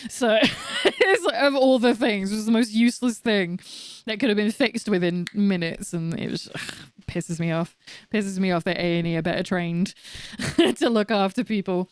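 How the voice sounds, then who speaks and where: A woman's voice: mid-range voice, normal speed, clean tone. A woman in her late thirties streaming a game, talking frankly and swearing while she rants and jokes. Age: late 30s. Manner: frank and sweary, ranting with laughs. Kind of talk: casual game stream chat.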